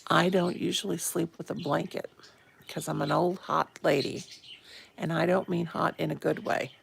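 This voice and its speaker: Woman, fifties, very gravelly, low voice, a bit hoarse, chatty live-stream host, phone at home, faint background noise. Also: fairly even intonation, moderate pace. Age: 50s. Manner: chatty, greets viewers by name with pet names. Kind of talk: casual live-stream chat with viewers. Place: home, indoors.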